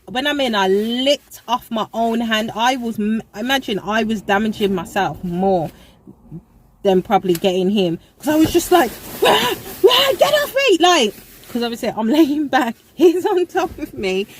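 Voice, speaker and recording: A woman's voice: on the high side, a little slow, low-quality recording. Chatty woman telling a story. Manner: chatty, rambling, many fillers. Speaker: vlogger. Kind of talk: casual storytime.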